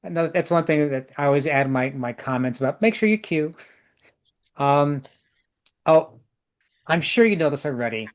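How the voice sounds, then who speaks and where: A man's voice: fairly high pitch, moderate pace, pauses often. A man organizing a group tour, giving chatty, jokey travel advice over a video call and repeating words for emphasis.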